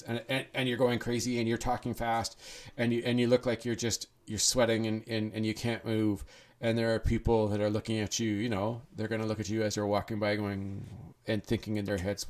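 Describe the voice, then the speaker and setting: In a casual podcast monologue, a male host talks earnestly and rambles, restarting his sentences and voicing his own inner thoughts aloud. His voice is lowish and even, and he moves along briskly.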